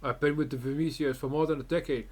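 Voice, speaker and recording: A man's voice: fairly high pitch, steady tone, quick pace, a little mellow, close to an everyday voice. A man reading out a pleading, middle-aged male mob underling from a game's story.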